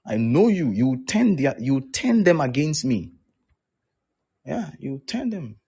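A man's voice: mid-range voice, big pitch swings, slow pace, warm tone, slightly rough, highs cut off. A man preaching as a pastor, acting out both sides of the conversations he recounts. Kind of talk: sermon.

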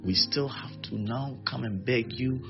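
A male pastor preaching a sermon, animated and teasing, with playful mock wailing. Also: medium pitch, unhurried, gravelly, muffled recording, music in the background.

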